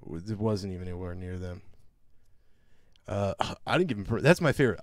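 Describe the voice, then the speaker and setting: Man, podcast co-host, casual profane anecdote, slightly low voice, dry recording. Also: a little fast, no echo. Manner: profane, animated anecdote telling with mimicked voices. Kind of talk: casual storytelling chat.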